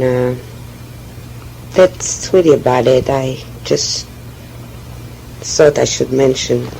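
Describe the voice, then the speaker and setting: A woman with a French accent, speaking haltingly and often restarting as she tells her personal oral history. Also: rumbling low, gravelly, dark tone, a little hiss or hum, poor audio. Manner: hesitant, halting, with frequent restarts. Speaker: memoir speaker.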